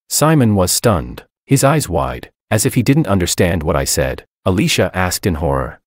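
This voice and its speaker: A man's voice: low-pitched, big pitch swings, moderate pace, hardly any pauses, dry recording, studio quality. A man narrating a first-person story in a cold, dramatic manner.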